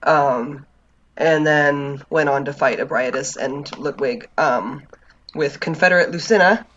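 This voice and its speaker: A podcast co-host recapping their week in a relaxed, dry way with many fillers. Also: mid-range voice, unhurried, dull audio, a little hiss or hum. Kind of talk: casual chat.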